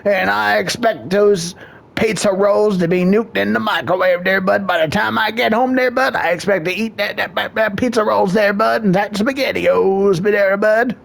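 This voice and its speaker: A man's voice: high-pitched, normal speed, gravelly, fairly bright tone, voice pushed up. A man voicing a lazy, defensive husband who rants bluntly and keeps tagging his phrases with a folksy catchphrase. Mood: blustering. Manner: blustering, ends every phrase with "there, bud".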